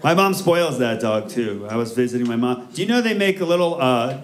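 A man telling a laid-back stand-up story that rises when he gets excited. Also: medium pitch, fairly quick, a crowd in the background. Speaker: stand-up comedian. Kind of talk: stand-up routine. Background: laughing audience.

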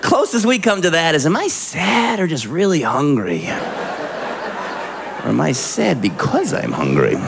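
A man performing stand-up comedy, animated and acting out little voices for his jokes. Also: on the high side, vocal fry. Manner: animated, acts out voices for the punchlines.

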